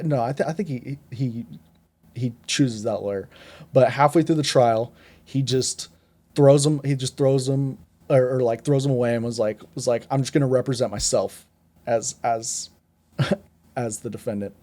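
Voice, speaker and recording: A man's voice: medium pitch, normal speed, a little mellow. A man co-hosting a podcast, rambling through a casual movie review with many restarts and rants. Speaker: podcast co-host.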